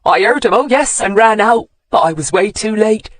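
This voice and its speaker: Narrator doing a gruff old country man. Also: medium pitch, lively intonation, moderate pace, voice pushed up, lightly acted. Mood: gruff, aggrieved. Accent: English West Country rural. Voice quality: rural dialect, sneering then cracking. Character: grumpy old countryman grieving his cat.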